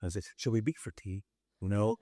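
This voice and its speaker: A middle-aged man with a Northern Irish accent, a songwriter guest telling stories in a relaxed, self-deprecating way during an on-stage conversation. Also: lowish voice, fast, no room sound, studio quality.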